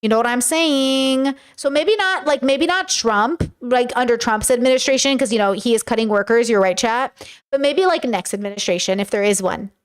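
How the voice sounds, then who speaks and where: A woman's voice: on the high side, normal speed, clear, resonant tone. A young woman streaming, chatting casually and rambling in reaction to clips, full of fillers and swearing. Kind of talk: casual reaction chat to a live chat.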